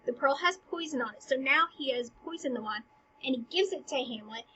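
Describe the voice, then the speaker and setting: A woman's voice: sits high, fairly quick, bright, forceful tone, slight background noise. A woman retelling a play scene by scene in a casual teaching style, paraphrasing the lines in modern slang and often dropping to a whisper. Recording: dull lo-fi recording.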